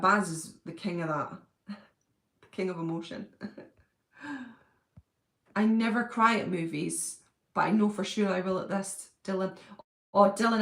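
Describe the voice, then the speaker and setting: Woman, middle-aged, gravelly voice, chatty and effusive, echoey room. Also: fairly low pitch. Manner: chatty and effusive, reads out and answers comments. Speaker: livestream host reading viewer comments. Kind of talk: casual chat.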